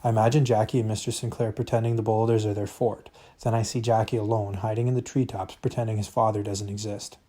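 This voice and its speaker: A man's voice: on the low side, flat delivery, fast talker, hardly any pauses, mellow. A man reading a novel aloud, narrating expressively in the first person. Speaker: reader.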